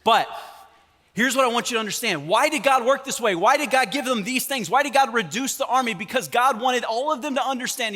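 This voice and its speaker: Sarcastic high-voiced preacher in a hall. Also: male voice, brisk, sharp tone. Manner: sarcastic, humorous storytelling. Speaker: pastor. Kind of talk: sermon. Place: church. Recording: long church hall reverb.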